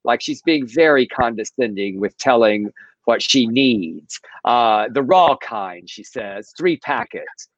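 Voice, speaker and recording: A man's voice: mid-range voice, animated, slow pace, dry recording. Gossipy man co-hosting a casual chat. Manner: gossipy, laughs while telling stories. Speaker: podcast co-host. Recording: dull lo-fi sound.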